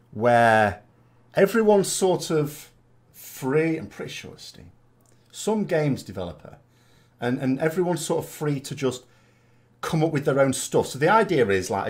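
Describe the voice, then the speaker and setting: Reading viewer comments aloud and responding with rambling asides and tag questions, a British gaming vlogger chats casually. His voice is a little high.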